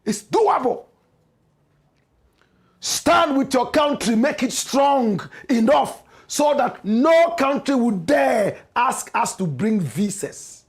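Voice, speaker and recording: High-voiced, impassioned Ghanaian man preaching. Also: big pitch swings, slow pace. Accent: Ghanaian English. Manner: impassioned, preachy, repetitive rhetorical cadence. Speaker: radio and online show host. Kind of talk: political commentary monologue.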